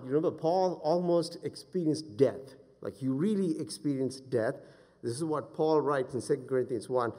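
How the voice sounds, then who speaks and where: A man in his forties preaching a sermon as a pastor, moving between loud fervent exhortation and quiet personal storytelling. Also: mid-range voice, expressive, moderate pace. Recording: long hall reverb.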